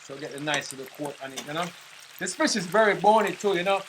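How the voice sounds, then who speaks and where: A man's voice: fairly high pitch, fast talker, a little hiss or hum. Chatty Jamaican man cooking. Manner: relaxed, chatty, patois phrases. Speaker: cook. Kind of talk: casual cooking demonstration.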